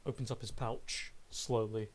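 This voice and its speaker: A man narrating a tabletop role-playing game as game master, descriptive and unhurried. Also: lowish voice, little pitch movement.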